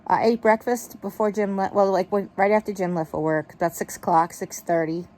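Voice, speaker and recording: A woman's voice: medium pitch, fairly even intonation, a little fast, a little mellow. A woman vlogger chatting casually to her viewers from her bed in a rambling, affectionate way. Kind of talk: casual chat to camera. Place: bedroom, in bed. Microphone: wireless earbud mic.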